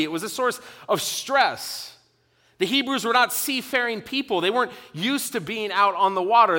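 A man preaching a sermon to his congregation, animated at times and dropping to a quiet intensity at others. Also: high-pitched, long reverb tail. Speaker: pastor.

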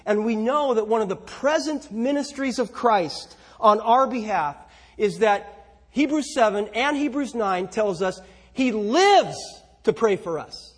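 A man preaching a sermon, emphatic, with rhetorical questions and swings between loud and soft delivery. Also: high-pitched, expressive, unhurried, slightly rough.

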